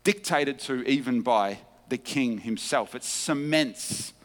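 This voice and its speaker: A man preaching a teaching sermon, emphatic, with wide swings of pitch and loudness. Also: takes it slowly. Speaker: pastor. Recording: long hall reverb.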